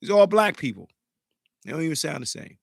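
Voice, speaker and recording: A man hosting a podcast in a casual, profane, animated way, greeting live chat viewers, sounding slightly congested. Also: fairly high pitch, a little fast, vocal fry, dry recording, clean studio sound. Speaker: podcast host.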